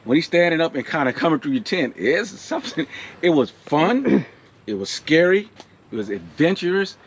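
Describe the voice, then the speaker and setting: A man, excitedly telling a camping story outdoors in a casual vlog. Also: fairly high pitch, normal speed, a little hiss or hum. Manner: excited, animated retelling with frequent laughs. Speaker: vlogger. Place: outdoor campsite.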